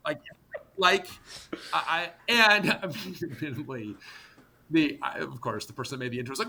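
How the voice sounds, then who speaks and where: A middle-aged man, a podcast guest, telling an animated story in an emphatic, exasperated way, blunt and sometimes profane, talking in rapid bursts full of restarts. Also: mid-range voice, creaky, slight background noise. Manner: talks in rapid bursts with many restarts and fillers. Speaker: podcast guest, tech company co-founder.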